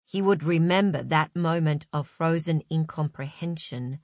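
In scripted narration, a woman with a low-pitched voice reads a novel aloud, steady and measured. The recording is studio quality and dry.

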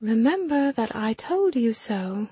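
A woman voicing a cold, spiteful society woman with a delicate voice that stays gentle while she threatens. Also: fairly high pitch, very animated, unhurried, slightly rough, no room sound, highs cut off, pitched above the performer's own voice, exaggerated voice. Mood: menacing. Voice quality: delicate, sweetly menacing.

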